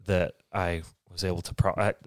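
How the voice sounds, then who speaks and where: Deep-voiced reflective man. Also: little pitch movement, no room sound, clean studio sound. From England. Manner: reflective, halting, soft-spoken. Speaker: podcast co-host. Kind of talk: candid personal conversation.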